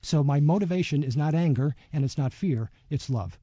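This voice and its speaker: A man being interviewed as a yoga teacher, speaking reflectively and telling a story with many pauses and fillers. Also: a little high, lively intonation, dark tone, breathy edge, no echo, lo-fi sound. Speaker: yoga teacher and author, guest. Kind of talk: radio interview.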